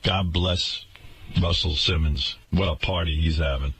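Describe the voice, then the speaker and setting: A husky, slightly bright male voice with a steady tone and a somewhat slow delivery rants on air from a radio studio. The host mocks his workplace's management with sarcasm and indignation, pitch swinging as he goes.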